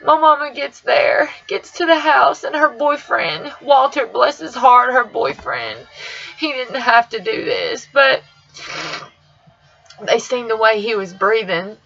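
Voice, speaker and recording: A woman's voice: on the high side, animated, slow pace, vocal fry, sharp tone, soft background music. A young woman tells a personal story for her vlog, in an emotional, rambling way. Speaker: vlogger. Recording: dull lo-fi sound.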